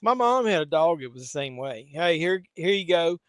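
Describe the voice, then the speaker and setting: A man's voice: a little high, big pitch swings, normal speed, fairly bright tone, clear, resonant tone, no room sound. A man hosting a casual live watch-along stream, rambling to chat viewers between asides. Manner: rambling, talks to viewers and his pet.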